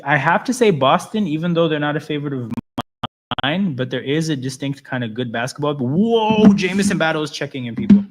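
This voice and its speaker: A man's voice: a little high, a bit bright. Chatty man hosting a livestream. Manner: loose, chatty, reads and answers chat. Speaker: livestream host. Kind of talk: casual livestream chat.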